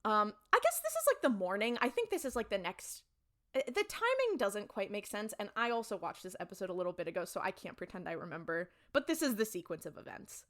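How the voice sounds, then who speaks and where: A woman's voice: mid-range voice, fast talker. A young woman co-hosting a podcast, recapping an episode in casual chat and acting out the characters' lines as she goes. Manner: animated storytelling, acts out characters' lines. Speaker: podcast co-host.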